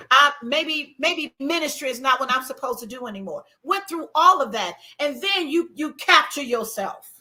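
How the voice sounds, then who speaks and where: Woman host, faith talk, high bright voice, really emphatic, acts out her own quotes. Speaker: ministry conference host.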